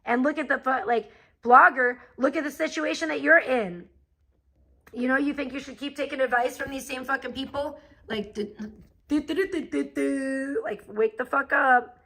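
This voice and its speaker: A woman's voice: sits high, moderate pace, fairly bright tone, low-quality recording. A woman live streamer ranting to her chat in a heated, profane, confrontational way. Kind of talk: angry live-stream rant.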